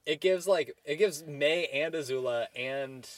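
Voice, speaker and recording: A man co-hosting a podcast in casual chat, relaxed and rambling with many fillers. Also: a little high, measured pace, dry recording. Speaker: podcast co-host.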